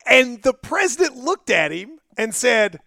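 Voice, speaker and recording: A man's voice: extremely high pitch, sing-song, a little slow, gravelly, sharp tone, dry recording, clean studio sound. A man hosting a podcast, telling stories and pressing his guest with challenging questions. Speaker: podcast host. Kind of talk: podcast interview.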